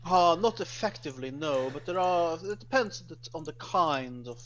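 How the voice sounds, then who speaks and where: A man plays an earnest, scholarly cleric whose voice sits a little high for a man. He addresses others with courtly formality and stops to restart his sentences as he explains. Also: expressive, moderate pace, fairly bright tone, a little hiss or hum, low-quality recording. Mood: thoughtful. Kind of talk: tabletop role-play in character.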